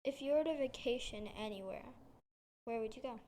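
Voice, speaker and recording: A woman's voice: a little high, brisk, mellow, slight background noise. A young woman interviewing her brother on a podcast, asking questions and teasing him casually. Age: young adult. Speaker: guest interviewer. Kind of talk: casual chat.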